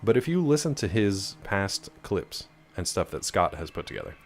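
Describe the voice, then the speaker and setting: A man's voice: sits low, big pitch swings, moderate pace, gravelly. A man streaming a game, chatting casually and wryly with viewers. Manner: chatty, wry, rambling. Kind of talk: casual live-stream chat.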